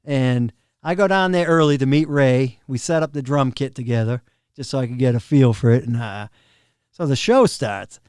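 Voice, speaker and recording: A middle-aged man, a drum tech, casually telling backstage stories on a podcast, animated and often laughing. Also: medium pitch, moderate pace, clear, resonant tone, no echo, studio quality. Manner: animated, laughs often, acts out quoted people. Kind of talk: casual storytelling of road anecdotes.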